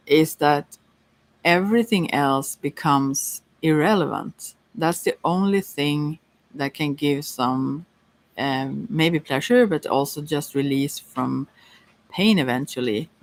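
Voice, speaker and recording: Doing a casual tarot reading on a live stream, a woman with a low voice is chatty and giggly, pausing often and using fillers as she talks things through.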